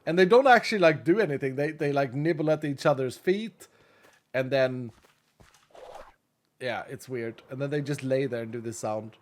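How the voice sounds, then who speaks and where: A man's voice: medium pitch, normal speed. A man in his thirties chatting casually with his chat while playing a game on stream, laughing often.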